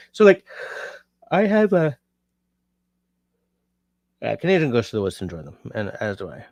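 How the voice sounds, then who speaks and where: A man's voice: mid-range voice, wildly swooping pitch, moderate pace, long pauses, a little mellow, dry recording, studio quality. A tired man hosting a casual livestream, rambling and reading out comments from his chat. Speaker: livestream host.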